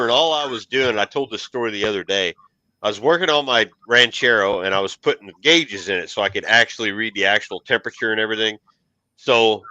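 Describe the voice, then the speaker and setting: A man swaps garage stories in an easy, casual chat, poking fun at his own mistakes. His voice is very bright and forward. The sound is dry and close, with no room around it. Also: medium pitch, no room sound, poor audio. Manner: self-mocking storyteller, swears casually. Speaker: car hobbyist show host.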